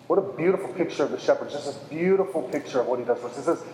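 A high-voiced man delivering a sermon with earnest emphasis, returning to his key phrases again and again. His voice carries a long reverb, and the room around him sounds big and echoing. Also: animated, quick pace, few pauses, darkish tone. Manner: earnest, emphatic repetition, self-deprecating asides. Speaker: preacher. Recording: reverberant hall.

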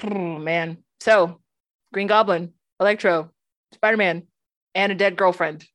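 A woman's voice: lowish voice, fairly even intonation, a little slow, a bit bright, no echo. A woman co-hosting a podcast, chatting casually with many fillers and laughs. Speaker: podcast co-host. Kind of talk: casual chat.

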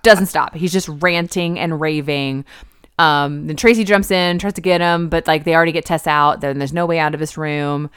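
A woman's voice: low voice, moderate pace, smooth, dry recording, clean studio sound. A woman in casual chat, retelling a film scene by scene with lots of fillers. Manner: chatty, animated retelling with acted quotes and laughs. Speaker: podcast co-host discussing a film.

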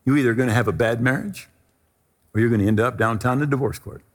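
A middle-aged male pastor preaching a sermon, telling a personal story with animated emphasis. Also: medium pitch, fast, long reverb tail.

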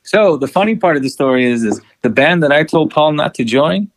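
A man's voice: fairly high pitch, brisk, no room sound. A man, a musician, telling a story in casual chat, swearing freely and acting out dialogue. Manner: profane, animated, acts out dialogue. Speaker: podcast co-host and musician.

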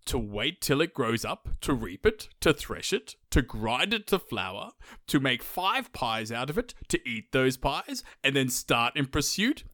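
A man voicing a talking horse that answers with a slow, long-winded list. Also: medium pitch, sing-song, sharp tone, no echo, studio quality. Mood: patient. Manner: slow, listing patiently.

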